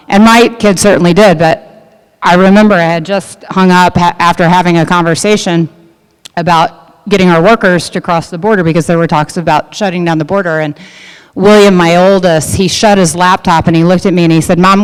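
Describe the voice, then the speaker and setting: In a large event hall with long reverb, a middle-aged woman who runs a produce business gives a chatty luncheon talk, telling a story with many fillers and restarts. Her voice is clean and fairly low-pitched.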